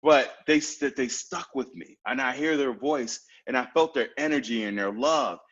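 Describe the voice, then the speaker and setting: A man talking as a podcast guest in casual chat, telling stories in a lively way and acting out what people said. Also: mid-range voice, moderate pace, breathy edge, lo-fi sound. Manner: lively storyteller who acts out quoted lines.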